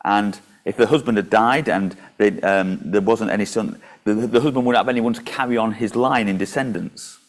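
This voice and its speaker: A man's voice: lowish voice, normal speed, hardly any pauses. A man preaching a sermon and reading scripture aloud in a conversational way, with small slips and restarts.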